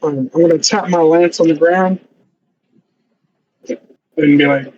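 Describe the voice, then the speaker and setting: A man's voice: a little high, fairly even intonation, slow, pauses often, darkish tone, lo-fi sound, slight background noise. A man playing a tabletop game, casually describing his character's actions. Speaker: player. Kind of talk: tabletop role-play.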